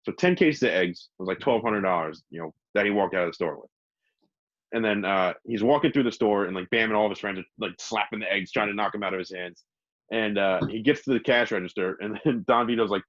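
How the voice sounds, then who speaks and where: A man co-hosting a podcast in casual chat, an animated storyteller who laughs often. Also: on the low side, a little fast, no room sound, lo-fi sound. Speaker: podcast co-host. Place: studio.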